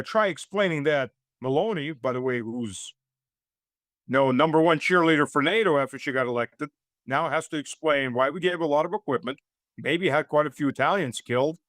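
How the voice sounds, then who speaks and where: A man's voice: mid-range voice, a bit bright, no room sound, studio quality. A middle-aged man from the United States giving blunt, sardonic commentary as an interview guest, with many hesitant fillers.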